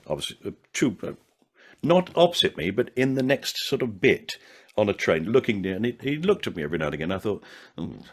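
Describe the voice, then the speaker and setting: Older man, lively storyteller. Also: on the low side. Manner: anecdotal, animated impressions of fans. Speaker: actor guest. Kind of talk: casual interview chat.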